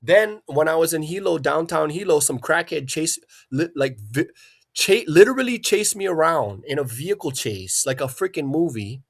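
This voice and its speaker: A man's voice: a little high, animated, moderate pace. A man hosting a livestream, ranting in an agitated, profane way and often repeating himself. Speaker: livestream host. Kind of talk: angry livestream rant.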